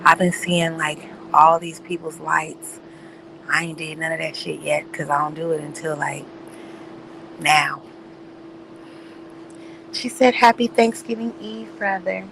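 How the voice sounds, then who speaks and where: Woman vlogger, low gravelly voice, casual profane storyteller. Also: flat delivery, measured pace, slight background noise, rough recording. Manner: profane, rambling storytelling with loud acted outbursts. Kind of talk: casual chat.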